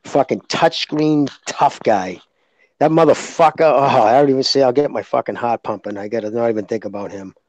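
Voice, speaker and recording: A man's voice: medium pitch, moderate pace, darkish tone, dry recording, rough recording. A man co-hosting a podcast in casual chat, heated and profane. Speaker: podcast co-host.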